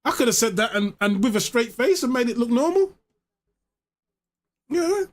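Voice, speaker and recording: A man's voice: very high-pitched, animated, fast talker. A man streaming live, chatting casually in a rambling, joking way, swearing freely. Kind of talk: casual chat.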